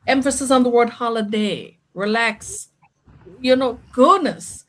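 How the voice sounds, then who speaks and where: A woman's voice: a little high, unhurried, fairly bright tone, poor audio. A woman hosting a casual live chat about a reality show, opinionated and chatty, with lots of fillers.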